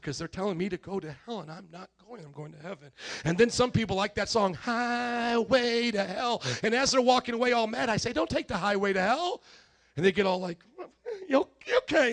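A man preaching a sermon as pastor, acting out quoted dialogue and building to loud emphatic peaks in a church. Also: high-pitched, creaky. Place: church sanctuary.

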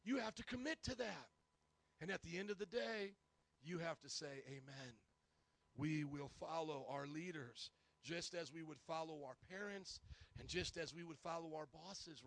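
A male pastor preaching a sermon, telling stories in an animated way and acting out the people he quotes. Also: on the high side, vocal fry, no room sound. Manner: storytelling, animated, acts out quotes.

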